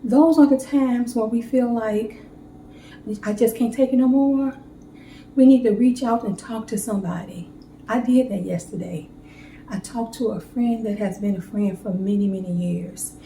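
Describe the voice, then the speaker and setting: Woman, cooking vlogger with a mellow tone, chats heart-to-heart in a roomy kitchen. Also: fairly high pitch, slight background noise. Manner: chatty, heartfelt, talks straight to viewers. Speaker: home baking vlogger. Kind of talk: casual cooking demo chat. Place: home kitchen.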